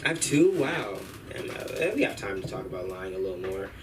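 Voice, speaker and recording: Slangy young-sounding comedian, distant mic. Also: male voice, low-pitched, big pitch swings, brisk. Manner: loose, rambling, slangy storytelling. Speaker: stand-up comedian. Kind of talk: stand-up set at an open mic. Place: comedy club open mic. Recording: distant room mic with faint hum.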